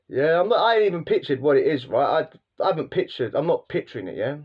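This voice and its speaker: A man's voice: a little high, lively intonation, a little fast, breathy edge, muffled recording. A man vlogging, telling casual stories in a rambling, slangy way with lots of repeats and restarts. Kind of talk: casual storytelling monologue.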